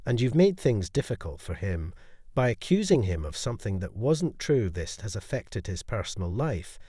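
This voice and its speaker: A man voicing a stern male police detective in a storybook narration, with a measured, grave delivery. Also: fairly low pitch, sing-song, warm tone, slightly rough, no room sound, studio quality.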